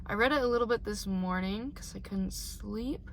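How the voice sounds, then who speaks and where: A woman's voice: mid-range voice, moderate pace, gravelly, slight background noise. A young woman chatting casually about books for her reading vlog, rambling and emotional, recorded in her car. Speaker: book vlogger.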